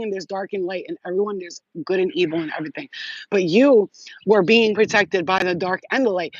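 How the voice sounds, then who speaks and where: A woman's voice: mid-range voice, no echo, highs cut off. A woman giving a casual live psychic reading, rambling and chatty, swearing and laughing often. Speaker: psychic reader.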